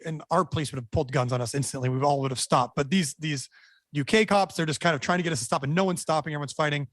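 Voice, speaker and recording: A man's voice: fairly high pitch, quick pace, dry recording. Man telling a story, dry close sound. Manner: animated, repeats words, many restarts. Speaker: band member recounting a story. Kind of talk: casual storytelling.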